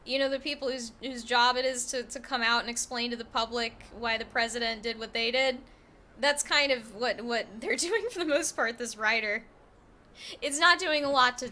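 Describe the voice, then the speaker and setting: A woman with a slightly high, sharp-toned voice streams a game, offering casual commentary. She's frank and profane, swearing freely and laughing a lot.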